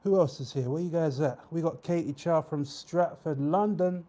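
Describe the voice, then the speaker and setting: A young man hosting a live weigh-in stream, chatting casually with viewers and reading out their names with drawn-out shout-outs. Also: on the high side. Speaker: livestream host.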